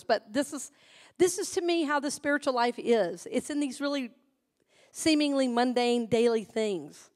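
Female minister, middle-aged, high voice, sermon with call-and-response, conversational and warm in tone of address. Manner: call-and-response, asks the congregation to repeat phrases; conversational storytelling, drops soft and low for personal anecdotes.

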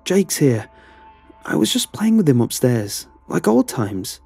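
A man's voice: low-pitched, level tone, very slow, a little mellow, faint music behind, exaggerated voice. A man voicing a desperate young man who pleads in a raised, strained voice in a horror story. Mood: pleading. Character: desperate young man, haunted by his brother.

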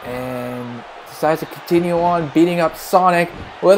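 A man calling wrestling play-by-play, excitable and breaking into shouts at big moves. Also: high voice, measured pace, few pauses, crowd noise, noisy background. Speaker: play-by-play commentator.

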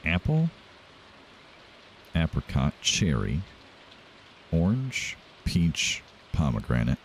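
Deep-voiced, animated gaming host. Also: male voice, slow, a little hiss or hum. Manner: chatty, animated, thinking aloud. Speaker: let's play host. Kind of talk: casual gameplay commentary. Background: game music.

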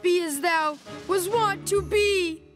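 A woman's voice: extremely high pitch, slow pace, fairly bright tone, soft background music, exaggerated voice. A woman voicing a mischievous male fairy trickster who talks in theatrical singsong rhymes, in a cartoon. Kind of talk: cartoon voice acting.

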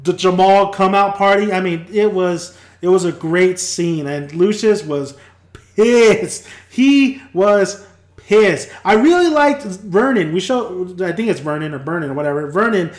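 A man hosting a casual TV review, retelling scenes in an animated way and acting out characters' lines. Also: high-pitched, normal speed, few pauses, reverberant. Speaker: TV review host. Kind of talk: casual spoken TV recap.

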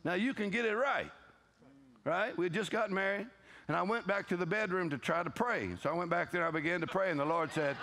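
A man's voice: high voice, a little fast, pushed and bright. A male pastor, preaching a humorous sermon and telling stories with playful voices and laughter.

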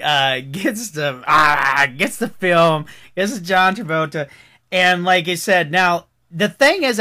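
A man chatting casually about a movie he just watched. His voice is bright and sits a little high for a man. He rambles and restarts his sentences as he works through his thoughts. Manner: rambling, with many restarts and fillers. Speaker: film reviewer. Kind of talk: casual chat.

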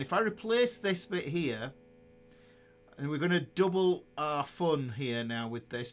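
A man giving a casual guitar lesson, chatty and upbeat, laughing and talking while he plays. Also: medium pitch. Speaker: guitar teacher. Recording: faint guitar music behind. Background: guitar playing.

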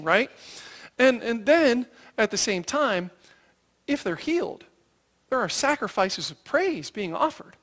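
Animated preacher with a lively, swooping voice. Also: fairly quick. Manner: animated storytelling with rhetorical questions and frequent "right?"; acts out quoted voices in a raised pitch. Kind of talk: sermon.

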